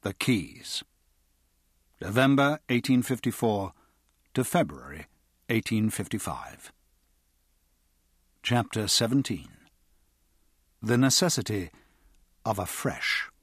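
A man reading an audiobook as narrator, steady and even. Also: on the low side, slow pace, long pauses, breathy edge, no echo, studio quality. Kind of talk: scripted narration.

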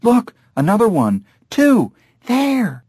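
A man voicing an anxious woman tourist who urgently hushes her companion in an audiobook reading. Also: mid-range voice, wildly swooping pitch, extremely slow, vocal fry, husky, no echo, clean studio sound, pitched above the performer's own voice, heavily acted. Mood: urgent hushing.

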